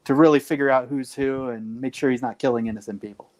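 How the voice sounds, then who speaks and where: A man talking as a guest on a video call, calmly and easily explaining a story he created. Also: medium pitch, quick pace, crowd noise. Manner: calm, explanatory, easygoing. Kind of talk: casual chat.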